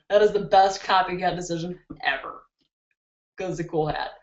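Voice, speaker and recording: A woman from Chicago hosting a beauty live stream, excitedly reading out viewer comments from her computer on a webcam. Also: on the low side, normal speed, gravelly. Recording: roomy, dull lo-fi webcam sound.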